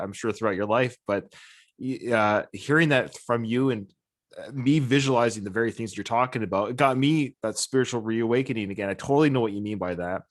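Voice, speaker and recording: Enthusiastic rambling podcast host. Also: male voice, mid-range voice. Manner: enthusiastic, rambling, many restarts. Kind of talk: casual podcast interview.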